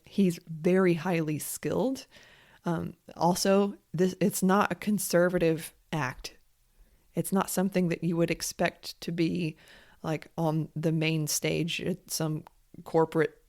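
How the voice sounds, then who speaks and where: A woman's voice: low voice, darkish tone. A woman hosting a solo podcast, talking frankly and casually with lots of fillers and restarts. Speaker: podcast host and creative coach.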